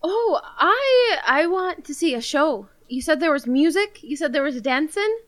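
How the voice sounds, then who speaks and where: A woman's voice: sits high, very animated, measured pace. A woman voicing a friendly, eager young woman traveler who talks politely and a little hesitantly.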